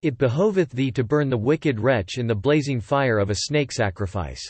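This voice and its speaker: A man's voice: medium pitch, animated, moderate pace, darkish tone, slightly rough, no echo. A man reading the part of a devoted young disciple who urges vengeance on a serpent, in earnest, formal archaic speech.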